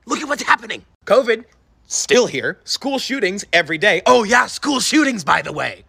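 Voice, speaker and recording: A man's voice: high voice, big pitch swings, normal speed, vocal fry, pushed and bright, breathy edge, no echo. A man giving an impassioned, exasperated monologue, rising to emphatic outbursts. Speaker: speaker ranting about schools.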